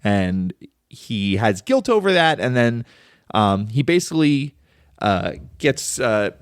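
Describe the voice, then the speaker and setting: A man's voice: mid-range voice, big pitch swings, takes it slowly, clear, resonant tone, no room sound, studio quality. A man hosting a casual solo film podcast, rambling and enthusiastic, full of "like" and "um". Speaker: podcast host.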